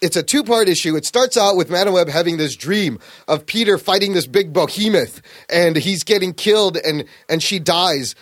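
A man hosting a podcast, recapping a story in casual chat, animated and swearing freely. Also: high voice, moderate pace, hardly any pauses, dry recording, studio quality. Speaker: podcast host.

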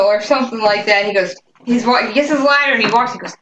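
A woman's voice: fairly high pitch, fast talker, fairly bright tone. A young woman telling a funny personal story in casual chat, acting out what people said, on a laptop mic at home. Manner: laughing anecdotes, acts out quotes. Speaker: guest, co-host's partner. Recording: roomy laptop mic with faint noise.

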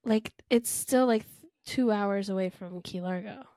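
A woman's voice: medium pitch, unhurried, dark tone, no echo, studio quality. A woman co-hosting a podcast, teasing her co-host in casual talk full of fillers. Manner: teasing, laughing, filler-heavy. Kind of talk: casual chat.

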